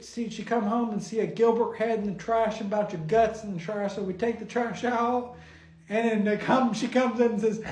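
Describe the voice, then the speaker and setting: Brief: giggly, stumbling comic storyteller, mid-pitch, roomy echo. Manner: giggling, stumbling over words.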